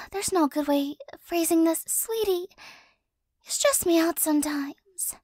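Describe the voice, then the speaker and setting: A woman with a very high voice performs a whispered role-play, speaking slowly and softly right up against the microphone. She sounds flustered yet doting, stumbling over her words and sighing often. The sound is dry and close, with no room around it. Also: dry recording. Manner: soft, flustered, doting, with frequent stammers and sighs. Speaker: ASMR creator.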